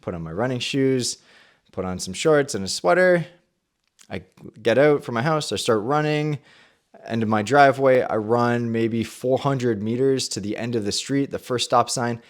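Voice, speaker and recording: A young adult man hosting a faith podcast, telling a personal story and acting out his own past thoughts in a lively way. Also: medium pitch, normal speed. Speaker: podcast host. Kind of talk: personal testimony and Bible talk.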